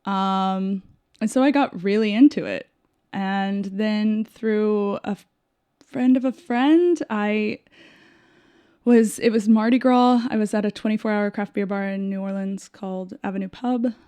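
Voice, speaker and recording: A woman's voice: mid-range voice, a little slow, clean tone. A woman in her thirties recounts her past with an easy, conversational energy. She slips into the voices of the people she quotes and laughs freely as she goes. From United States. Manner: animated storyteller who acts out quoted dialogue, laughs often. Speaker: podcast guest. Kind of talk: casual interview storytelling.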